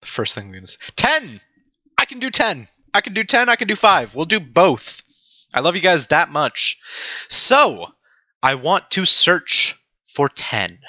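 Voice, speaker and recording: A young man teaching a programming tutorial on a livestream, animated and self-mocking as he talks to his chat. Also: on the high side, measured pace, dry recording. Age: young adult. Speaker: teaching assistant.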